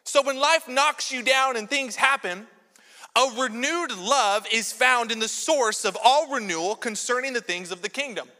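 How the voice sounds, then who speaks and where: A man preaching a sermon as pastor in a church, telling lively jokey stories with props. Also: very high-pitched, moderate pace. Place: large church sanctuary. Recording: long church hall reverb.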